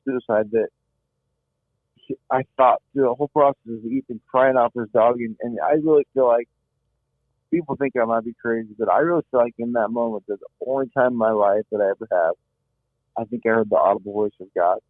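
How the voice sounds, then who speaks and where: A man's voice: mid-range voice, brisk, no echo. A middle-aged man telling a personal survival story earnestly, often repeating words as he searches for them. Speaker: guest. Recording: tinny phone-like line, dry.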